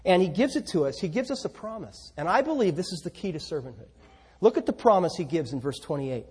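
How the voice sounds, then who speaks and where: Preacher, male, high husky voice, emphatic sermon delivery with rhetorical questions. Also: sing-song, fast. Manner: emphatic, rhetorical questions, swings between loud and soft.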